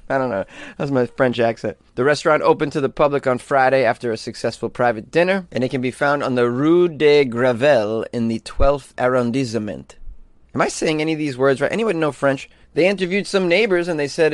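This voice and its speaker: A man's voice: medium pitch, a little fast, dry recording. Jokey male weird-news host, dry sound. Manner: animated, jokey, laughs at his own lines. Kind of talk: comedic news commentary.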